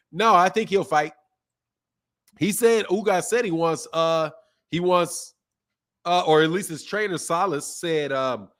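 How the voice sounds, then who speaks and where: On a casual boxing livestream, the male host reads comments and super chats in a laid-back, slangy style while nursing a sore throat. His pitch is fairly high and his tone a bit bright.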